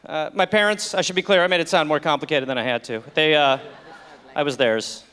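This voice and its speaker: A man with an American accent performing an animated, jokey stand-up set on a festival stage. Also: on the high side, a little fast, smooth. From United States. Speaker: stand-up comedian.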